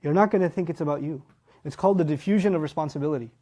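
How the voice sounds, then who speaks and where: A male Quran teacher gives a lively religious lecture in a slightly high voice, emphatically punching his key words. While explaining the text, he slips into quick impressions of his students and acts out how listeners react.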